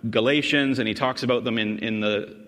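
A man's voice: medium pitch, steady tone, brisk, a bit bright. Emphatic male pastor in a reverberant hall. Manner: emphatic, explanatory, often restarts and repeats words. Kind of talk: sermon. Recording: long reverb in a large hall.

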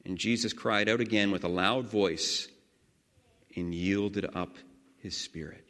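A man leading a guided scripture meditation, reading slowly and earnestly with sudden swells of emphasis. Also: on the low side, fairly bright tone. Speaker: prayer leader. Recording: long hall reverb.

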